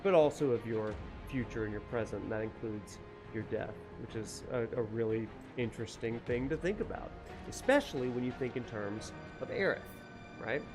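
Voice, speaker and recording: A man, a university professor, lecturing casually while playing a video game, rambling with many fillers and joking about technical trouble. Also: medium pitch. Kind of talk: casual lecture over gameplay.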